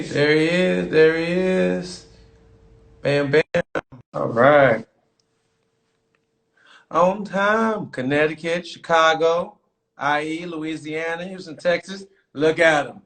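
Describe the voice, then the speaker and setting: Laid-back male podcast host. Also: mid-range voice. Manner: loose, filler-heavy, hypes up viewers. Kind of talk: casual live-stream chat.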